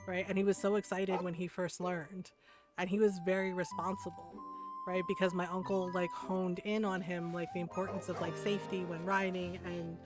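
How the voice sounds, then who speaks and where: A woman's voice: fairly low pitch, level tone, normal speed. Chatty woman streamer telling stories. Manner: chatty, often adds "right?". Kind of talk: casual storytelling chat. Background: background music.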